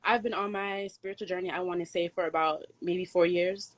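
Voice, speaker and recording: A young woman chatting casually about a personal experience, relaxed and full of "like". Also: fairly low pitch, fairly quick. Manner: relaxed, filler-heavy, says "like" a lot. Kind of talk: casual chat.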